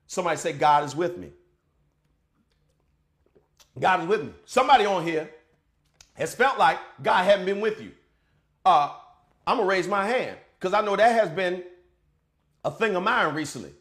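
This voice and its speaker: A male pastor preaching a sermon in a casual, colloquial way, moving from quiet to shouted declarations. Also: high voice, lively intonation, moderate pace, pauses often.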